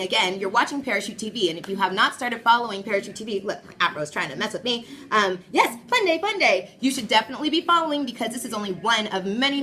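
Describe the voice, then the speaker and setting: A woman's voice: mid-range voice, sharp tone. A young woman hosting a live stream from home, bubbly and playful, greeting viewers by name. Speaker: live show host.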